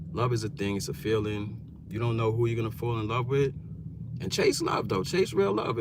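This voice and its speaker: A man's voice: mid-range voice, slight background noise. A man, a YouTuber telling stories in casual, slangy vlog talk from inside his car. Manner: animated, slangy storytelling.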